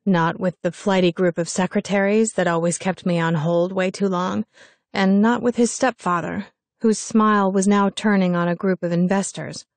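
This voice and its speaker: A young woman narrating a first-person story in an expressive, wry reading style. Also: medium pitch, normal speed, no echo. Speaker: audiobook narrator.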